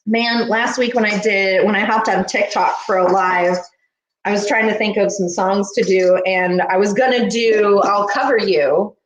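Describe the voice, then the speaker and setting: A woman's voice: mid-range voice, steady tone, normal speed, highs cut off. A woman hosting a live baking stream from her kitchen, chatting and explaining each step with jokes. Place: home kitchen. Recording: echoey kitchen room.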